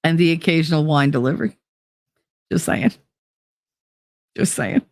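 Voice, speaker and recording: Hosting a livestream, a woman with a New Jersey accent chats casually with live viewers, blunt, profane and rambling. Her low, slightly mellow voice moves at a moderate pace, captured in studio quality with no room sound.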